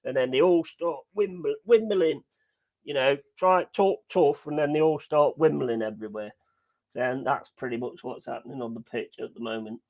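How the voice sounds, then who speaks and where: A man chatting casually and excitedly over a live match, swearing freely and rambling through stories. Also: mid-range voice, normal speed. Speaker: watch-along streamer.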